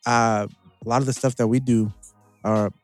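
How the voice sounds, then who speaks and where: A man's voice: mid-range voice, steady tone, moderate pace, no echo. A man with a mid-range voice talks casually about leading his band. His speech is easygoing and peppered with "man" and "like". Faint music plays in the background. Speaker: musician and bandleader. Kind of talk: casual podcast chat.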